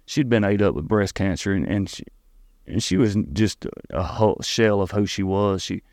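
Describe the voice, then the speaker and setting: Speaking in a fairly low, slightly mellow voice with a Southern Tennessee drawl, this middle-aged interview guest earnestly recounts something from his own life. His delivery stumbles, with restarts and repeated words, captured in a dry, close-miked recording.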